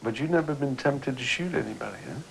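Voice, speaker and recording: A man's voice: mid-range voice, quick pace, gravelly, background noise. An older man, an artist, telling candid stories from his life in a documentary, laughing often and acting out what people said. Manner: animated anecdotes, laughing often, acting out quotes.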